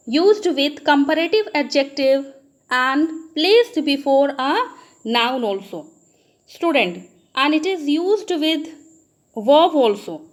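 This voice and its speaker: A woman teacher with an Indian English accent giving a grammar lesson, often addressing the students and asking, then answering, her own questions. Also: high-pitched. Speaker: school teacher.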